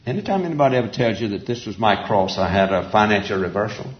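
A man's voice: lowish voice, animated, fast. An older man preaching a sermon to a men's group, folksy and chuckling, drawing out emphatic repeated phrases. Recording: roomy, dull lo-fi sound.

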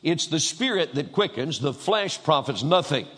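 A man preaches to a congregation, his voice sitting a little on the high side. He tells stories with quoted back-and-forth and drives home key lines by repeating them. A long reverb trails after each phrase, as in a large church hall. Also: sing-song, normal speed, fairly bright tone, breathy edge. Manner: storytelling with quoted dialogue, emphatic repetition. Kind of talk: sermon. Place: church sanctuary.

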